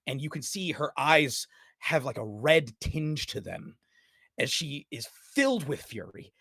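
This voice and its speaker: A man narrating a tabletop game as game master, slow and dramatic, dropping low and pausing for ominous moments. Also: big pitch swings, creaky, bright, forceful tone, slightly rough, dry recording, studio quality.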